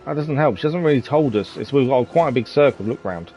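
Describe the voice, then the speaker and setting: A man's voice: medium pitch, expressive, quick pace, soft background music. Casual, laid-back male streamer talking over gameplay; dull, lo-fi sound. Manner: chatty, self-deprecating, laughs often. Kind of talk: casual live-stream commentary.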